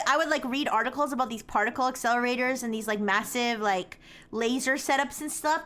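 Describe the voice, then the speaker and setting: A woman's voice: a little high, a bit bright. A young woman chatting casually on a live stream, rambling with many restarts and frequent laughter.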